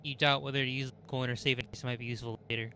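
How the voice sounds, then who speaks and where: A man reads a horror game's text aloud on a stream, quick and with a bright, sharp edge. He talks briskly and stumbles into the odd restart. Faint noise and clicks sit behind him. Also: mid-range voice, flat delivery, poor audio.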